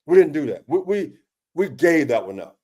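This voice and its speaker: A man's voice: on the high side, sing-song, normal speed, warm tone, husky. Emphatic man breaking down football film. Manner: emphatic, exasperated questioning, often addresses co-host by name; frequent restarts and repeated words. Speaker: football defensive analyst. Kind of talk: casual film-breakdown discussion.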